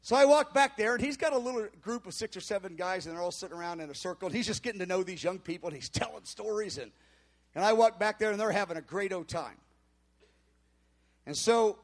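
Animated high-voiced male preacher. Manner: animated storyteller, acts out voices with sudden shouts and mutters. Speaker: pastor. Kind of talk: sermon storytelling.

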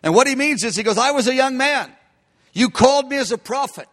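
A male preacher delivering an emphatic sermon. His voice sits very high and sounds bright and sharp. He often addresses his listeners as beloved. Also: animated, a little fast.

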